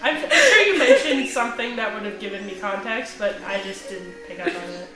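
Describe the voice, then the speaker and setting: Lively, wry young Canadian woman. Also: medium pitch, fairly quick. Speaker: co-host. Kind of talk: casual gaming chat. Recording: echoey room. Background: game music.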